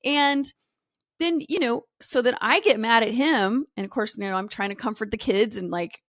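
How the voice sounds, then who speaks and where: A woman's voice: fairly high pitch, normal speed, a bit bright, no echo, studio quality. A woman co-hosting a podcast, animatedly recounting family stories in casual chat. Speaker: podcast co-host.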